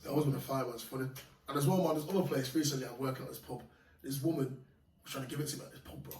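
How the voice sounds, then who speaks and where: A man casually telling animated, slangy stories of fights and bouncer work, laughing often. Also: medium pitch, racing. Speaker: podcast guest. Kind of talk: casual storytelling. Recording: echoey room, mic far off, faint noise.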